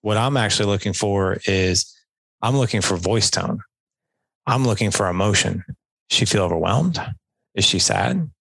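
Middle-aged man, low gravelly voice, earnest explainer, dry close recording. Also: expressive, moderate pace, pauses often, fairly bright tone, no room sound, rough recording. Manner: earnest, explains with acted-out example dialogue. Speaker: podcast guest, dad coach. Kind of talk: conversational interview.

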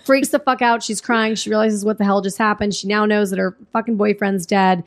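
A woman in casual chat, telling a film plot with lively retelling and frequent swearing. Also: medium pitch, a little fast. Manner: animated storytelling, swears freely, acts out quotes. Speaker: podcast co-host recapping a film.

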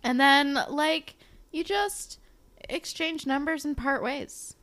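A woman's voice: high-pitched, slow, a bit bright. A woman co-hosting a podcast, improvising a playful story with lots of fillers. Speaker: podcast co-host. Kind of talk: casual chat.

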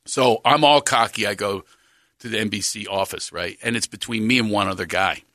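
A man's voice: fairly low pitch, a little fast, sharp tone, dry recording, clean studio sound. A middle-aged man telling a comic story in casual chat, stammering and laughing as he acts out the people in it. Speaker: comedian telling a story on a talk show. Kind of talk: animated anecdote, casual chat.

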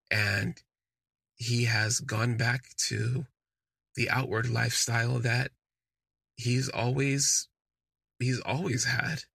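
Male podcast host, gravelly and husky, candid conversational storyteller. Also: medium pitch, a bit bright, no echo. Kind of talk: casual storytelling monologue.

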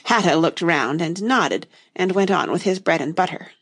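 A woman narrating a storybook aloud in a steady, expressive manner. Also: fairly low pitch, normal speed.

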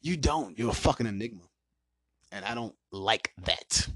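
A man's voice: fairly low pitch, normal speed, dry recording, clean studio sound. Profane, ranting man hosting a podcast. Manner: profane, animated rants, laughs loudly. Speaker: podcast host. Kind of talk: casual podcast chat.

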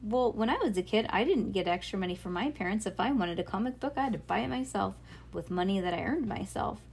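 A woman voicing a relaxed middle-aged dad who reminisces about his childhood, in a storybook read-aloud. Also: mid-range voice, gravelly, slight background noise. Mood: reminiscing. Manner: breezy, nostalgic, brisk when reminiscing.

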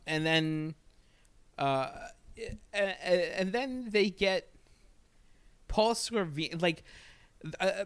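Middle-aged dude ranting about a dumb movie, swears a lot, smooth clear voice, dry room. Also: male voice, a little high, fairly bright tone, dry recording. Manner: rambling, profane, laughing often. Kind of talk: casual movie review chat.

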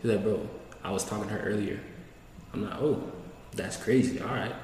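A man's voice: on the low side, fairly quick, a little mellow. A young man telling a rambling story in casual slang, acting out what people said. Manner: slangy, rambling, acts out quoted lines. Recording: echoey room, distant mic, faint hiss.

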